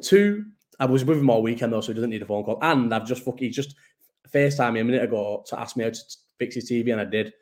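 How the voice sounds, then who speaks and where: A man in his early thirties hosts a casual live chat, his mid-pitched voice rambling from one thought to the next. He swears freely and pokes fun at himself as he talks. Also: expressive, fast talker, darkish tone. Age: 30s. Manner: rambling, sweary, self-mocking. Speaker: podcast host.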